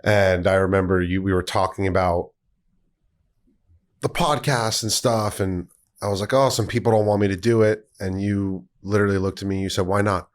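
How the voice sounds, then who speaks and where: A man's voice: sits low, fairly even intonation, moderate pace. A young man hosting a podcast, friendly and leading his guest through the talk. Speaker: podcast host. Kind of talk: casual interview chat.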